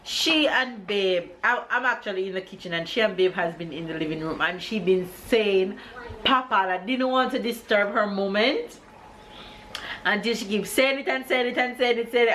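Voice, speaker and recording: Excitable mom vlogging. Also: female voice, medium pitch, a little hiss or hum. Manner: chatty, excited, speeds up and slows down. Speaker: family vlogger, mother. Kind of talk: casual vlog talk to camera. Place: home kitchen.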